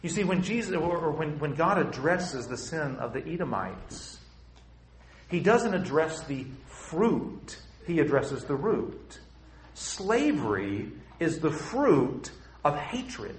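A man's voice: fairly high pitch, big pitch swings, takes it slowly, reverberant, poor audio. A man preaching a sermon with impassioned, emphatic, repetitive phrasing.

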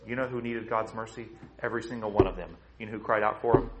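A man preaching a sermon to his congregation, swinging between loud, high emphasis and low, quiet stretches, and asking them rhetorical questions. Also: steady tone, fast, muffled recording, heavy background noise. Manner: emphatic preaching with big swings in pitch and loudness. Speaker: pastor.

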